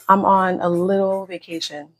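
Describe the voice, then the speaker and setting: Broadcasting from an upper-floor room over a phone livestream, a woman instructor runs a live fitness class at medium pitch. She keeps count of reps and offers easygoing encouragement, captured in low-quality audio.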